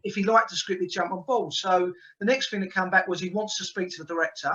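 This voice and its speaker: Fast, bright-voiced London man. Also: high voice, muffled recording, slight background noise. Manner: quick, animated anecdotes. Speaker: guest filmmaker. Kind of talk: casual chat.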